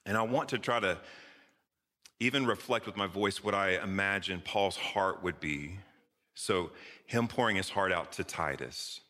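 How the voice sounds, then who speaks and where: A man's voice: deep voice, measured pace, pushed and bright. A man who is a pastor, preaching a sermon in a conversational, joking way, with playful asides between the reading. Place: church sanctuary. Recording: church hall with long reverb.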